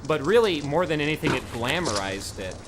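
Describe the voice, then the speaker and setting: Young male streamer, improvised absurd storyteller, slightly high voice, loud background noise. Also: sing-song, brisk. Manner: rambling absurd storytelling, giggly. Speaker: livestream co-host. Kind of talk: casual improvised comedy banter.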